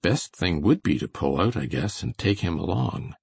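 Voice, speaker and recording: A skeptical older colonel speaks in a low, laconic, gravelly voice, as a man puts him on. The sound is dry and close, with a husky edge. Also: lively intonation, moderate pace, darkish tone, dry recording, exaggerated voice.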